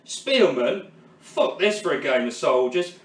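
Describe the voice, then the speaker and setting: A man's voice: a little high, very animated, a little slow, reverberant, far from the mic, poor audio. A man impersonating a posh, touchy business mogul. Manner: dry, put-upon, posh. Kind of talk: comedy sketch impression.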